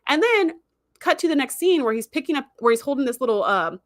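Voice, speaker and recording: A young adult woman hosts a casual livestream and eagerly retells a story, filling her talk with ums and likes. Her voice sits a little high. The sound is dry and close, with no room echo. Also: fast talker. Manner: animated storytelling with many fillers. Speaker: livestream host reviewing episodes.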